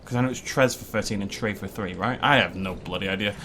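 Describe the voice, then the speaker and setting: A man's voice: on the low side, fast talker, sharp tone, slight background noise. A young man from Wales, hosting a casual let's-play, rambling and joking with frequent laughs. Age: young adult. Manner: rambling and jokey, laughs often. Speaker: gaming video host.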